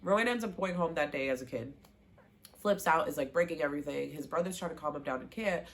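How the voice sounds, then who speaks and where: Talking fast in a low-pitched voice, this show recap vlogger runs through a TV season with casual animation. She voices the characters' lines herself and gushes over favorite moments.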